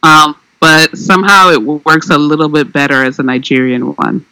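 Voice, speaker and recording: An opinionated man talking casually, his voice bright and forceful, and he keeps dropping in "um" and "like." The sound is close and dry, with no room around it. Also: a little high, normal speed, smooth, no echo, low-quality recording. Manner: opinionated, animated, frequent "um" and "like". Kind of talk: casual chat.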